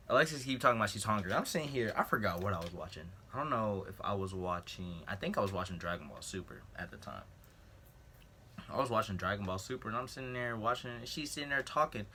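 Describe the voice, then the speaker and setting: Teen male vlogger with a low, forceful voice, loose and rambling as he tells a school story. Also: a little hiss or hum. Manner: rambling, jokey asides, clears throat often. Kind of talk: casual storytelling.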